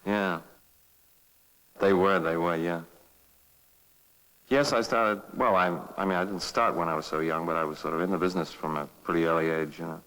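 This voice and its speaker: A very low-pitched English man talks in a chatty, playful manner. He is a middle-aged actor interviewed on set. The long reverb gives it the sound of a 1960s archive recording. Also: steady tone, a bit bright. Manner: chatty, playful, light and quick.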